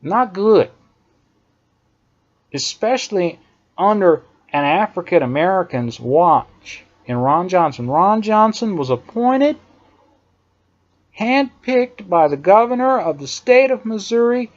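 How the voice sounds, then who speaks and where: Speaking slowly in a high, sing-song voice, a man who comments on politics launches into an emphatic, indignant monologue. He keeps repeating phrases to hammer his opinions home, and the recording sounds dull and lo-fi.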